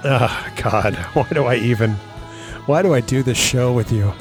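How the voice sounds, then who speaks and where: A man's voice: medium pitch, moderate pace, music in the background. A man hosting a podcast, reading the outro and teasing his co-host in a dry way. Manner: dry, teasing, some hesitant fillers. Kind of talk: casual podcast banter and show outro.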